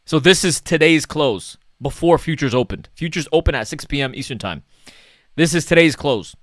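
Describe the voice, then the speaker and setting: A man's voice: fairly high pitch, expressive, normal speed, dry recording, clean studio sound. A man talking casually through market charts as a stock analyst, chatty and self-mocking, often tagging "okay?" and "right?".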